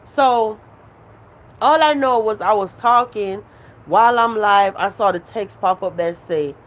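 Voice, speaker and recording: A woman's voice: mid-range voice, measured pace. A woman hosting her own live stream, venting at her critics in a casual, profane, emphatic way and repeating her points.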